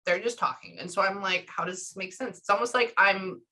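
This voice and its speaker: A woman speaks in a bright voice during a casual medium session. She relays messages in quick, chatty bursts. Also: medium pitch, rough recording. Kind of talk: casual reading session with clients.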